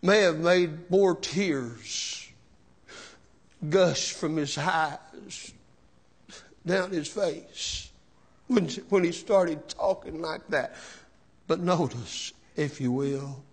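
A man preaching a sermon as pastor, slow and emotional, with rising shouted cries and repeated words. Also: fairly high pitch, husky. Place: church sanctuary.

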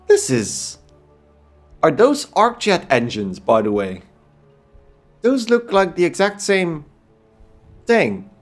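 A man's voice: on the high side, huge pitch swings, slow pace, pauses often, soft background music. A man casually commenting on his own video game play, curious and thinking aloud. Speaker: gameplay commentator.

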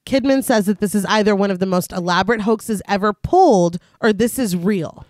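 A woman's voice: medium pitch, brisk, darkish tone, no echo, studio quality. A woman co-host of a podcast, narrating a film's plot in a casual recap and laughing often.

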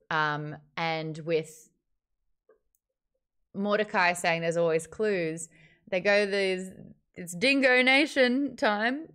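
A woman hosting a live book club stream, thanking viewers by name and reading their comments aloud in an animated, chatty way. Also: deep voice.

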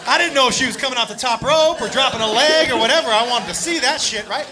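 A male stand-up comedian telling a profane story on a club stage, animated and acting out the people in it. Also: extremely high pitch, quick pace. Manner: animated, profane, acts out characters. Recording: noisy live club recording with loud crowd. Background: loud audience laughter.

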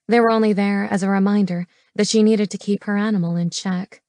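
A woman reads a romance audiobook in an even, mid-pitched voice. Her delivery is measured and intimate. The close studio recording is dry, with no room around it. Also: dry recording. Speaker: audiobook narrator. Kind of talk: scripted romance audiobook narration.

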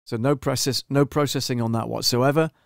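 A man talks through a casual live-stream tutorial in a chatty, self-deprecating way, often turning to the listener. His voice sits in a middle pitch. It is recorded close on a studio microphone with a dry, dead sound. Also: steady tone, a little fast, gravelly, no room sound. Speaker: audio producer demonstrating mixer settings. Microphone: studio microphone through a mixer.

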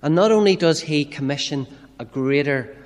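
Northern Irish minister preaching in a reverberant church. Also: male voice, a little high, normal speed. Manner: conversational preaching with rhetorical questions. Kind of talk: sermon.

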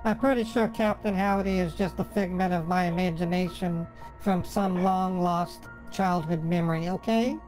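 A man's voice: sits high, fairly even intonation, normal speed, darkish tone, faint music behind, close to an everyday voice. A man voicing a fragile, rambling woman who sobs with grief and then chatters on sweetly. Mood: chatty, sweet. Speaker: scambaiter.

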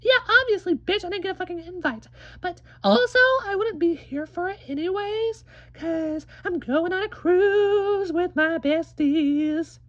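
Brassy foul-mouthed sister. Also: female voice, extremely high pitch, measured pace, no echo, lo-fi sound. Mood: brash. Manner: crass, sassy, loud. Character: brash foul-mouthed young woman, visiting sister. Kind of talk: comedic puppet-show acting.

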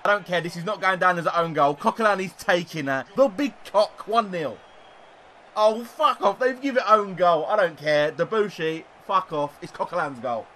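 British guy yelling at his football game, high voice, cursing a lot, gets loud on goals. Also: normal speed, a little hiss or hum. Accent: British English. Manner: excitable, sweary, shouts at goals. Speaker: gaming YouTuber. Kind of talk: live gameplay commentary.

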